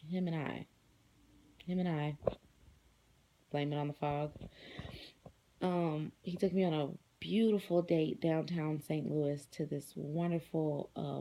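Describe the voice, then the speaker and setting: A woman's voice: low-pitched, vocal fry, mellow, slight background noise. An adult woman with kids, talking casually to her viewers in a rambling vlog with lots of fillers. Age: adult, married with children. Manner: chatty, rambling, many fillers. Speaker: vlogger.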